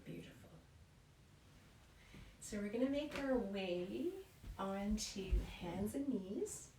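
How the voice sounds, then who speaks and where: Calm woman guiding yoga in a roomy space. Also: medium pitch, slow, a little hiss or hum. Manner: calm, encouraging, often adds "right?". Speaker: yoga instructor. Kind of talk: guided yoga class. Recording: roomy echo, mic at a distance.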